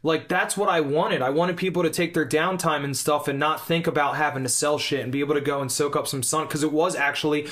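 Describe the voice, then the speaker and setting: A man's voice: a little high, fairly even intonation, fast, hardly any pauses, a bit bright. A man co-hosting a podcast, talking frankly in casual chat and swearing freely. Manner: frank, swears freely, restarts his sentences. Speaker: podcast co-host.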